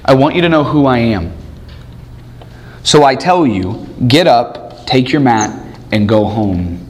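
A man's voice: mid-range voice, unhurried. A man preaching a sermon, acting out quoted voices and asking the listeners questions. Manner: animated, acts out quoted voices, asks the congregation questions. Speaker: pastor.

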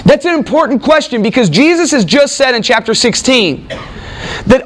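A man with a notably high voice teaches a Bible class in a classroom. He talks in a loose, conversational way, stopping often to ask his students rhetorical questions. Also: sing-song, normal speed. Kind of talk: classroom lecture.

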